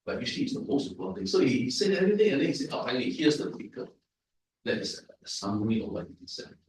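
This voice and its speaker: A man's voice: mid-range voice, big pitch swings, quick pace, slight background noise. Male Toastmasters evaluator, explanatory and repetitive, recorded from far off in a very reverberant hall. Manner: explanatory, repetitive, asks the audience "right?". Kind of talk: club meeting evaluation speech. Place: large echoey meeting room. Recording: echoey room from far off.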